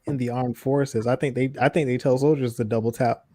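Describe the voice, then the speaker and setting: Laid-back man with a mellow voice. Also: mid-range voice, steady tone, brisk, no room sound. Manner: laid-back, laughs easily, trails off. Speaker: podcast co-host. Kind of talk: casual chat.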